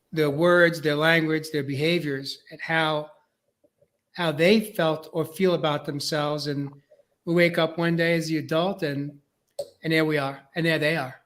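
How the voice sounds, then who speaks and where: Male host, New York accent, high voice, casual and meandering. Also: fairly bright tone. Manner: rambling, repeats words while building points. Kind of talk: casual podcast discussion.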